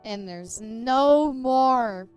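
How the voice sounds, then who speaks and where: A woman's voice: on the high side, expressive, very slow, a little mellow, soft background music. A woman streamer chatting casually and joking while reading aloud, often laughing. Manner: giggly, joking. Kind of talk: casual chat while reading in-game book.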